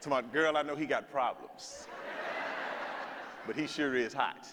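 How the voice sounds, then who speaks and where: A man's voice: mid-range voice, unhurried. Man, comic keynote speaker, teasing and chatty, in a big hall with long reverb and audible background noise. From South Carolina. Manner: playful, conversational, teasing the audience. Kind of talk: stand-up style keynote comedy. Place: conference stage.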